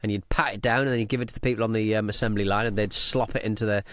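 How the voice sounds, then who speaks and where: A man from England talks on a podcast in a very low, dry, close-miked voice. He hesitates, restarts his sentences and fills the gaps with ums, and he is quick to put himself down. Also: steady tone, a bit bright, clean tone, dry recording. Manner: hesitant, self-deprecating, many fillers and restarts. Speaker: podcast co-host. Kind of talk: casual chat.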